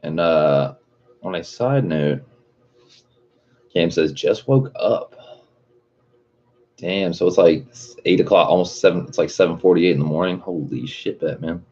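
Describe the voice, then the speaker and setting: A man's voice: deep voice, steady tone, normal speed, darkish tone. A man hosting a livestream, chatting casually with lots of swearing and a loose, rambling manner. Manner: rambling, swears constantly, chuckles often. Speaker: livestream host. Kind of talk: casual profane livestream chat. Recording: dull lo-fi stream audio.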